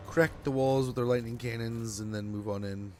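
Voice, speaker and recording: A man's voice: medium pitch, fairly even intonation, normal speed, darkish tone, faint music behind. A young man giving casual, rambling, self-deprecating commentary while playing a strategy game. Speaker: gaming streamer.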